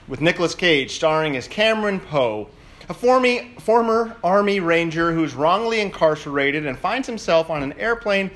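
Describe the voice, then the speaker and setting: A middle-aged man preaching a sermon as pastor, telling a story in a lively, dramatic way. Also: fairly high pitch.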